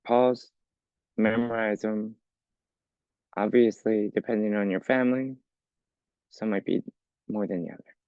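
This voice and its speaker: A man's voice: fairly low pitch, steady tone, measured pace, pauses often, darkish tone, clean tone, no room sound, muffled recording. A man teaching an English lesson for learners, explaining patiently step by step and often checking with "okay?". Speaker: ESL teacher.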